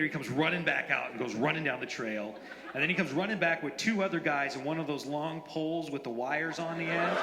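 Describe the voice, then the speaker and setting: A man's voice: a little high, very noisy. Rambling man telling stories in a reverberant hall. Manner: rambling, halting, with many fillers and repeats. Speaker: author at a reading. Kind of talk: live anecdotal storytelling. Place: bookstore event hall.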